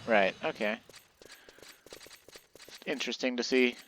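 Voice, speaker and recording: A man's voice: medium pitch, slow pace, a bit bright, slight background noise, poor audio. Rambling man playing a game. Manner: rambling, thinks aloud with fillers. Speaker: let's play host. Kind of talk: casual game commentary. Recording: faint game music behind.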